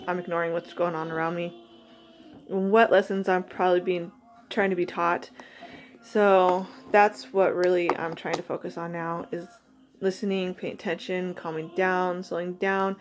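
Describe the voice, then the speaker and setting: A mother reads from her journal, then talks reflectively and a little nervously, pausing and restarting as she goes. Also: lowish voice. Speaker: mother vlogging.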